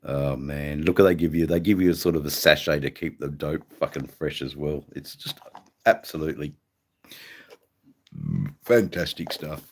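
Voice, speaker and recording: A man's voice: rumbling low, steady tone, normal speed, darkish tone. A middle-aged Australian man with an Australian accent, hosting a rambling livestream and chatting with viewers, full of ums and mates. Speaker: livestream host. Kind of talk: casual livestream chat with viewers.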